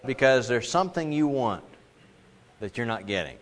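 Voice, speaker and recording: A middle-aged male pastor preaching in an easy, conversational tone, at an ordinary pitch for a man. He sometimes acts out the voices of the people he quotes with sudden leaps upward. His voice carries the long reverb of a large hall. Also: animated, moderate pace, slight background noise. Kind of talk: sermon.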